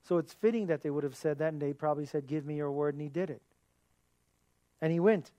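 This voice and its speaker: A man's voice: a little high, fast talker, mellow, no room sound. A man giving a sermon as a pastor, earnest, asking his listeners rhetorical questions.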